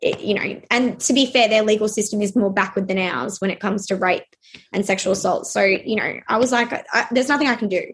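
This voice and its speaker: A young woman recounts something that happened to her, speaking at a medium pitch. She stumbles along, filling gaps with fillers and starting her sentences over.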